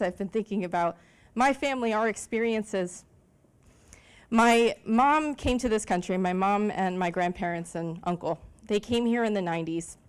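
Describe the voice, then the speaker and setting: A young woman from New Jersey giving an emotional, earnest candidate speech at a forum, with fillers and restarts. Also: mid-range voice. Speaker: congressional candidate. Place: event room with food.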